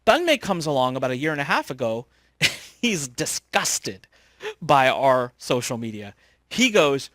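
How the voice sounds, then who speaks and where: A middle-aged man hosting a course, telling a story in an animated way and acting out the dialogue he quotes. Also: mid-range voice, measured pace, dry recording, studio quality. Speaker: course host.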